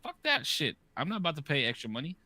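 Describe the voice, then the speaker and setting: A man in his thirties hosting a podcast, telling stories in a casual, profane, animated way. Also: a little high, fast talker, no room sound. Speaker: podcast host. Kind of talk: casual chat.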